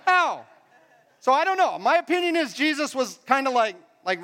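In a church hall with long reverb, a man preaches a casual, conversational sermon and puts questions to the crowd along the way. His voice is very high, sing-song, fairly quick and a bit bright.

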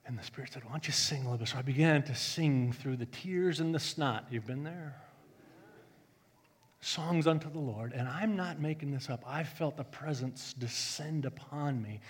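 A male pastor telling a story in a sermon, joking and animated, swinging from loud bursts to hushed tones. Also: fairly high pitch, unhurried, husky, big-room sound.

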